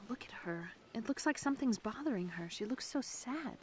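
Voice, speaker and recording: A woman voicing a gentle young woman fighter who can sense spirits, speaking softly and earnestly, in a dubbed animated film. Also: a little high, normal speed, echoey room, in a large hall, a little hiss or hum, natural voice. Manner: soft, earnest, worried.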